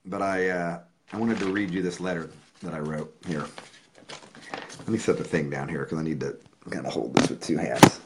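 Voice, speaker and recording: Deep-voiced man, loose and profane. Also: steady tone, moderate pace, long pauses, very noisy. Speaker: musician on a livestream. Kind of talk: casual livestream talk and letter reading.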